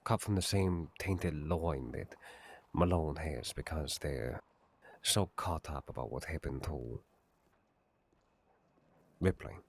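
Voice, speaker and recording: A man playing a grave gang elder who gives counsel in a measured, lofty way. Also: very deep voice, husky, heavily acted. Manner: slow, grave and measured, speaks in lofty phrases. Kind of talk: roleplay in a western game.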